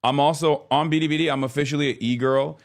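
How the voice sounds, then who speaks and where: A man's voice: fairly high pitch, steady tone, fast talker. A man in his thirties chatting casually on a live stream, rambling, often exasperated, swearing now and then.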